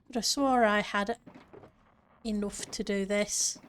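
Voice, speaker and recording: A woman's voice: medium pitch, steady tone, slow pace, slight background noise. A woman streamer chatting casually with her viewers and answering chat while she plays a building game. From northern part of her country.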